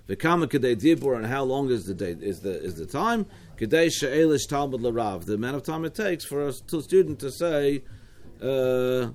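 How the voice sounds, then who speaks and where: A man's voice: medium pitch, darkish tone. A man with an Australian accent teaching a Talmud study class, explaining step by step with frequent restarts and asides.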